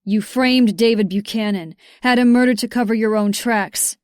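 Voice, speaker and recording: A woman voicing a fierce, protective ex-soldier mountain man who speaks low and deliberately. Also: a little mellow, clear, resonant tone, no room sound, clean studio sound, close to an everyday voice. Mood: furious.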